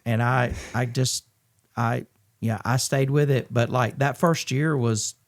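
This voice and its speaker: Earnest, gravelly middle-aged man. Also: medium pitch, steady tone. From Georgia, US. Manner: earnest, halting, frequent restarts and fillers. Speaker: podcast guest. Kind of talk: candid conversational storytelling.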